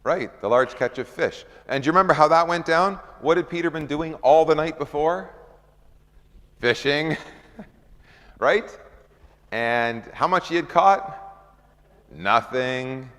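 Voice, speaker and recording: A man's voice: fairly high pitch, takes it slowly, long pauses, fairly bright tone. A man leading an informal Bible study, talking conversationally, asking the group questions and acting out scripture scenes. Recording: long hall reverb.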